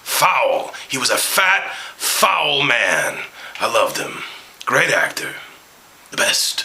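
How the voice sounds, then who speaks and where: A man doing a brash, gravelly aging movie star. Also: medium pitch, huge pitch swings, slow pace, heavily acted, rough recording. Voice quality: gravelly, with sudden shouted outbursts and whispers. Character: brash raspy aging male movie star, crude and flirty. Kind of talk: comedic celebrity impression.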